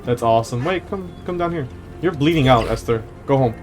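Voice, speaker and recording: A man's voice: mid-range voice, expressive, brisk, darkish tone. A young man in a middle register chats loosely over his gameplay. He wanders off into joking stories and swears now and then. Faint music plays under his voice. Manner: rambling, swears, joking anecdotes. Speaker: let's play host. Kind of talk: casual gameplay commentary.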